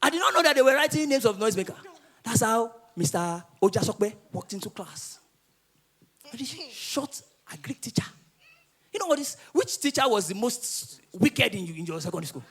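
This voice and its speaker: A man with a Nigerian accent doing live stand-up comedy, telling stories with animated delivery and often laughing through his lines. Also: sits high, moderate pace, breathy edge.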